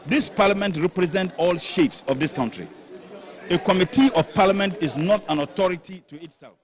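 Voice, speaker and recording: A man with a Ghanaian accent, a politician speaking at a press conference in a deliberate, combative way. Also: high-pitched. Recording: crowd noise outdoors.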